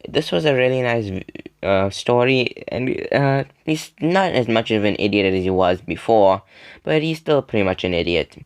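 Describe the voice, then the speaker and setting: A man's voice: mid-range voice, animated, moderate pace, clear, resonant tone. A young man telling a casual story to the camera in a rambling way, full of fillers and laughing between sentences. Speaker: storytime video creator.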